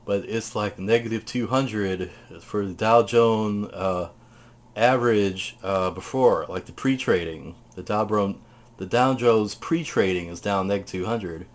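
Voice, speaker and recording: A man's voice: on the low side, measured pace. A man casually showing off his purchases, talking in a chatty, rambling way. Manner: chatty, rambling, tells stories; eats while talking.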